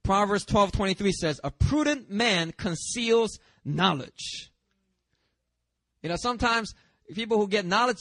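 A pastor preaching a sermon in a lively, conversational way, with self-deprecating humor and chatty asides. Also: male voice, sits high, a little slow, dry recording, clean studio sound.

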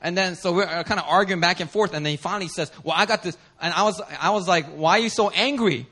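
A man preaching a sermon as pastor, telling a story animatedly with laughter and sudden shouts. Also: sits high, fast, slightly rough. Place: church service.

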